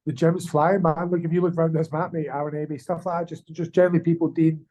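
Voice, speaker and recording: Man, amateur fighter guest, rapid monotone delivery, profane and rambling. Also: on the high side, rough recording. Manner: fast, swearing, slangy, rambling. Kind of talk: casual interview chat.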